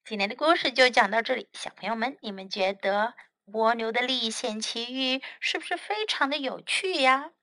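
Bright-voiced woman teaching kids English. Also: a little high, normal speed, no echo. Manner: gentle, explaining to children. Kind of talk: children's story lesson.

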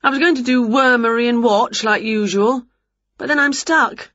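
A woman voicing an excitable, chatty, boastful witch in a storybook reading, on a dull lo-fi recording. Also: on the high side, normal speed, no room sound, pitched above the performer's own voice, close to an everyday voice.

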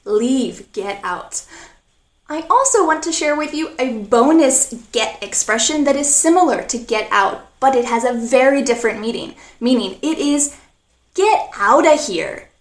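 A woman teaching spoken English, speaking slowly and clearly and acting out example phrases with expression. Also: sits high, animated, roomy sound. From North America.

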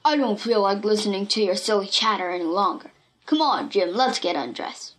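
A woman's voice: mid-range voice, expressive, moderate pace, natural voice. A woman voicing an impatient grown man who scolds bluntly in a storybook reading. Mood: scornful. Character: gruff grown man, impatient and quick to anger.

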